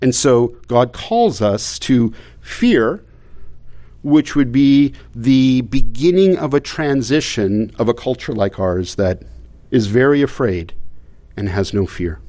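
A man's voice: mid-range voice, expressive, slow, mellow. A man preaching a sermon, often stumbling into repeated words and asking his listeners rhetorical questions. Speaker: pastor.

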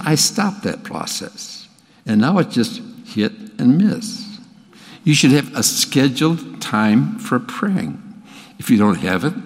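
An older man preaching a sermon in a folksy, plain-spoken way, with small restarts. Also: lowish voice. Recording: long reverb of a church hall.

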